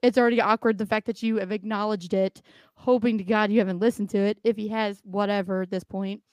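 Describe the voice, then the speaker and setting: A woman's voice: medium pitch, steady tone, fast, dry recording. A young adult woman co-hosting a podcast in casual, blunt, profane chat, laughing often. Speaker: podcast co-host.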